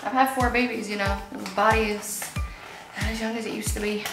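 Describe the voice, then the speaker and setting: A woman's voice: medium pitch, fairly even intonation, brisk, fairly bright tone, soft background music. A woman, a mother co-hosting a casual family vlog, talking in a dry, sarcastic, grumbling way. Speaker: mother and co-host.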